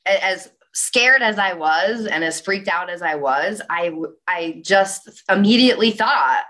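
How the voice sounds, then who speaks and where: A young woman speaks with a slightly low voice in an animated, storytelling way. She gives a motivational talk and fills it with casual "like"s. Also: unhurried.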